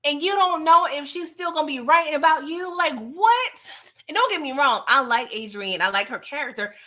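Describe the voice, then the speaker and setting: A woman from New York casually recapping a TV episode, chatty and sassy with animated asides. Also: sits high, normal speed. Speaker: TV recap vlogger.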